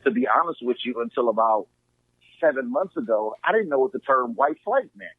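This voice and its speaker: A man's voice: medium pitch, big pitch swings, a little fast, breathy edge, no room sound. A man from Southern California, a podcast guest, talking earnestly and casually with lots of fillers. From Inglewood, California. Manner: earnest, heartfelt, filler-heavy. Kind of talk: casual conversation. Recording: tinny phone-like line, dry.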